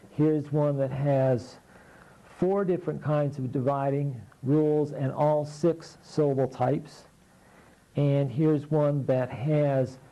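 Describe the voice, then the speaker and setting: A middle-aged man with a very dark, mellow voice and a middle pitch. He explains his reading materials in a plain, folksy, practical way. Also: poor audio. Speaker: literacy teacher.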